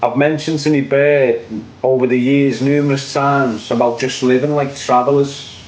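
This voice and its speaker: A man's voice: medium pitch, steady tone, moderate pace, darkish tone, poor audio. A young man with a Liverpool accent, ranting opinions on his online show in a casual, repetitive way, ending lines with "mate". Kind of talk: casual livestream rant.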